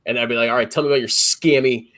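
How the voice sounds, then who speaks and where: A man's voice: mid-range voice, fairly even intonation, rapid-fire, a bit bright. A man co-hosting a casual livestream chat, blunt and sarcastic.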